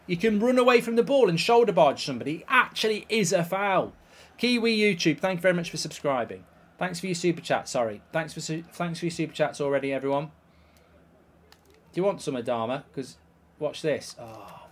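A man commenting live on a football video game, swearing and reacting loudly to each play. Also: a little high, lively intonation, a little fast. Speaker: YouTube gaming host.

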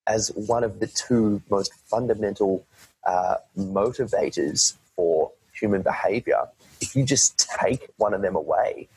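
Husky guy rambling on a podcast, lots of restarts, dry close mic. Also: lowish voice, a little mellow, dry recording, rough recording. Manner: rambling, self-correcting, swears casually. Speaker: podcast guest. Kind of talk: casual conversation.

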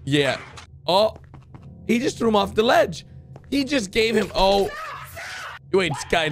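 An excitable man reacting to animated game clips, his fairly high voice swinging widely as he cheers and blurts out comments. Loud background music and clip audio play under him throughout. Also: slow, long pauses. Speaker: reaction video host.

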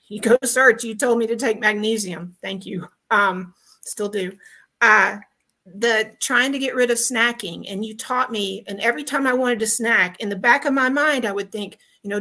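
A woman's voice: a little high, moderate pace, bright, forceful tone. A woman from Texas calling in to a podcast over video, giving a heartfelt, grateful testimonial with many ums and restarts. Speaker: guest caller.

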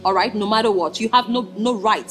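An actress playing a proud, defensive middle-aged mother who talks in a sharp, haughty way. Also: mid-range voice, brisk, over music, natural voice. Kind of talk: film acting.

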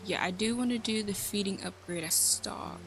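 A woman's voice: medium pitch, normal speed, over music. A woman giving casual gameplay commentary, chatty and thinking aloud, joking at herself. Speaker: let's play host.

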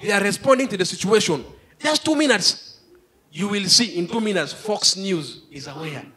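A male stand-up comedian telling a story on stage, lively, with sudden exclamations. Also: high voice, moderate pace, slightly rough. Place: live comedy show stage.

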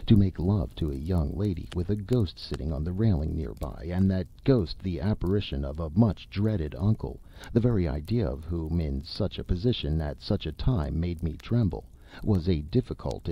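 A man narrating a classic short story as an audiobook reader, with an expressive, measured delivery. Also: deep voice, highs cut off, slight background noise.

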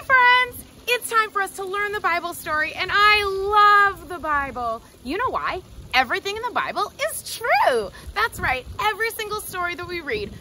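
Lively high-voiced woman teaching preschoolers. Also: a little hiss or hum. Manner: animated, calls out to children and a puppet dog. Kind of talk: children's Bible lesson.

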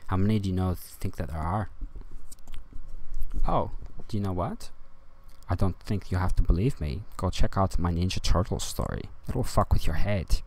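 A man rambling in a monologue to his viewers, ranting and swinging from loud to quiet. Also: sits low, moderate pace. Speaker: vlogger.

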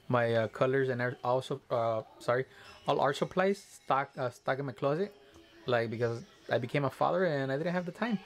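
A man, an artist and content creator, chatting casually to camera at home while he draws, rambling, giggling and often apologizing. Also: mid-range voice.

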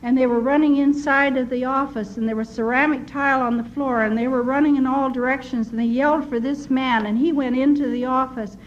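An older woman giving an earnest personal testimony, telling her story in a measured way with restarts. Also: high voice, steady tone. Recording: dull lo-fi recording with faint noise.

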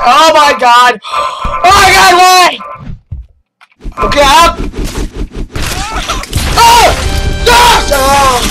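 A young man commenting on his own gameplay, loud and excitable with frequent yelling outbursts. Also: extremely high pitch, drawn-out words, long pauses, music in the background. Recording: noisy home mic.

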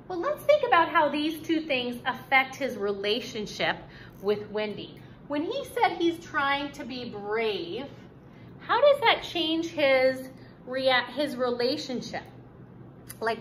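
A woman teaching a recorded fourth grade reading lesson, speaking slowly and emphatically and encouraging her students. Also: sits high, big pitch swings, a bit bright, a little hiss or hum, poor audio.

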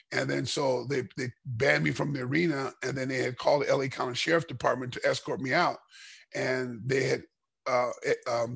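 Raspy, gravelly middle-aged man. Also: mid-range voice, no echo. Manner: animated storyteller, acts out dialogue. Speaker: podcast guest, former fighter. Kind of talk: casual storytelling interview.

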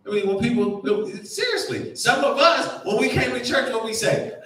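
High-voiced man preaching in an echoey church. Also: moderate pace, few pauses, recorded from a distance, slight background noise. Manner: animated preaching, acting out voices, dropping to a hush. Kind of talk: sermon. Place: church sanctuary.

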